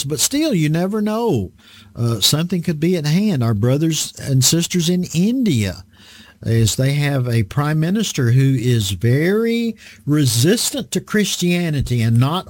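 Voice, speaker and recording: A man preaching an online Bible study sermon, slow and deliberate, drawing out words for emphasis. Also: on the high side, a little mellow, no room sound.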